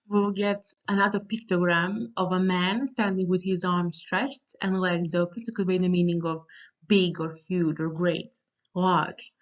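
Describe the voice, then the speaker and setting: A woman teaching a recorded lecture, explaining step by step with frequent ums and restarts and drawing out sample syllables. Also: mid-range voice. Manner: sings out sample syllables with exaggerated tones. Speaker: language teacher. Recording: slightly dull, lo-fi audio.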